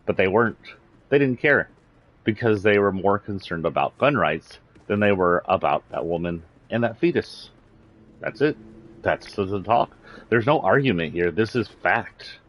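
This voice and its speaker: A man with a slight Southern accent from Texas, talking bluntly and indignantly in a political livestream rant. His voice sits very low. The lo-fi stream audio sounds dull and muffled. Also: expressive, unhurried, a little hiss or hum. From San Antonio, Texas.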